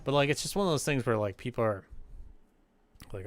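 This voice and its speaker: A man's voice: medium pitch, expressive, brisk, a little hiss or hum. Rambling man streaming a shooter game. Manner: rambling, filler-heavy chatter. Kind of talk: casual gameplay commentary. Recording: game music behind the voice.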